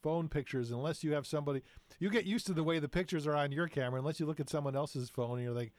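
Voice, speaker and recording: A man's voice: fairly high pitch, fast talker, a little mellow, no echo. A man hosting a TV segment, chatty and loose, asking a guest questions with frequent restarts. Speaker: TV show host. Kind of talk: TV interview, hosting.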